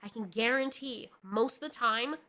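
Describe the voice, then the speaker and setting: High, bright-voiced woman chatting bluntly. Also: normal speed. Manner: rambling, blunt, laughs between thoughts. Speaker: video host. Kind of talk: candid casual chat.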